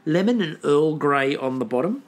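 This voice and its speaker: A man's voice: on the high side, expressive, moderate pace. Rambling man recapping a show. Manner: rambling recap with frequent ums. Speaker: podcast co-host. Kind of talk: casual chat.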